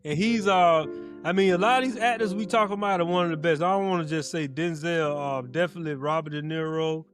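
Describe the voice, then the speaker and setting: A man's voice: fairly high pitch, a little fast. A man co-hosting a casual chat show, animatedly retelling movie scenes and repeating himself as he goes. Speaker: podcast co-host. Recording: faint guitar music behind.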